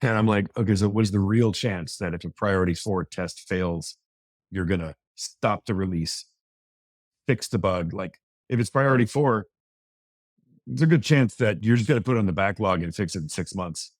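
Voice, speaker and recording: A man's voice: fairly low pitch, normal speed, no echo, clean studio sound. A man on a panel discussion telling anecdotes from his work. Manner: anecdotal, storytelling.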